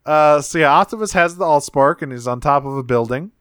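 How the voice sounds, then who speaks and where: A man's voice: fairly high pitch, fairly bright tone, clean tone, no room sound, clean studio sound. A man co-hosting a podcast, casually recapping a cartoon episode in a rambling, profane way and acting out characters' lines. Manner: rambling, profane, retells scenes with quick voices. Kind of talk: casual chat.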